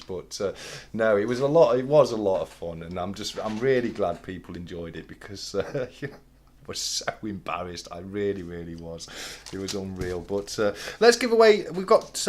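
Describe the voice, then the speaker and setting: A man co-hosting a livestream in casual chat, laughing often and rambling with lots of fillers. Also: lowish voice. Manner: chatty and giggly, rambling with fillers. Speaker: livestream co-host.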